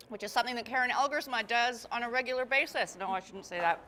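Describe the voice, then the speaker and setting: A woman's voice: fairly high pitch, fast talker, hardly any pauses, bright, forceful tone, slight background noise. A woman hosting a local lifestyle TV show on location, upbeat and chatty. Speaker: TV host.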